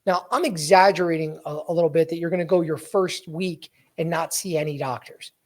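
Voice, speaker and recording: A man's voice: fairly high pitch, fairly quick, darkish tone. A man hosting a podcast as a sales coach, talking bluntly to his listeners and calling them guys. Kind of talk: energetic coaching talk.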